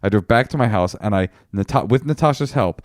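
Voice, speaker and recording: Man, podcast co-host, casual chat, animated, swooping pitch, dry studio sound. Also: a little fast, no room sound. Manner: animated storyteller, jumps into high quoted voices.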